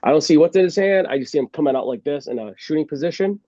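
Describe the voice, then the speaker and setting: A man's voice: a little high, animated, fast, mellow, dry recording, lo-fi sound. A man who used to be a police officer tells a story in a casual way, acting out the scene and laughing often. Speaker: former police officer guest.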